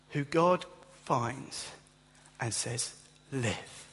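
Male preacher, higher-pitched, husky, animated delivery, long hall reverb. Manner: animated, acts out startled listeners in a higher voice. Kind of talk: sermon.

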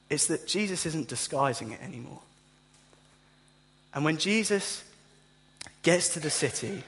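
A man's voice: fairly high pitch, long reverb tail. A man preaching a sermon, telling stories with humour and acting out the voices of the people in them. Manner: animated storytelling, acts out voices with humour.

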